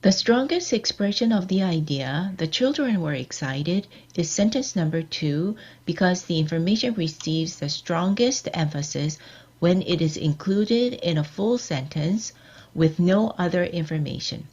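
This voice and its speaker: A woman giving a scripted workshop lecture on editing, measured and explanatory, quizzing her audience. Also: on the low side, lively intonation, darkish tone, breathy edge, lo-fi sound.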